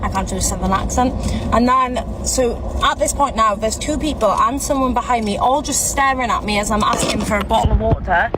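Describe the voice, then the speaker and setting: A woman's voice: a little high, brisk. Welsh woman, storytelling vlogger, self-deprecating, street noise behind. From Wales. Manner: animated, self-mocking anecdote. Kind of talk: storytelling to camera.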